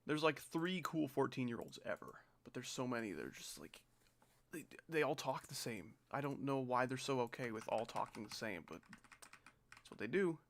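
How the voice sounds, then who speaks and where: A man's voice: medium pitch, sing-song, moderate pace, gravelly, slight background noise. A young man chatting casually on his stream, rambling and sarcastic, often mocking slang.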